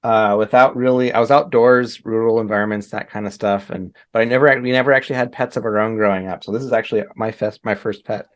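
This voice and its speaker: A man's voice: fairly low pitch, fairly even intonation, quick pace, hardly any pauses. A man speaking as a guest on a casual podcast, talking in an easygoing, reflective way and laughing readily. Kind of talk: casual interview chat.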